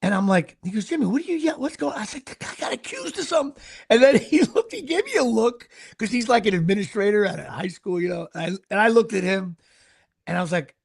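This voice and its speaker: Man, middle-aged, host, husky voice, very lively pitch, storytelling. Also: quick pace. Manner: animated, laughs mid-story, acts out quotes. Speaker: podcast host. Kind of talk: casual storytelling chat.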